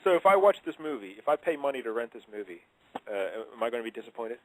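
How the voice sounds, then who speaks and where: A man's voice: medium pitch, lively intonation, no echo, low-quality recording. A man hosting a casual radio chat show who teases his co-hosts and keeps laughing. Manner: quick, giggly, teasing.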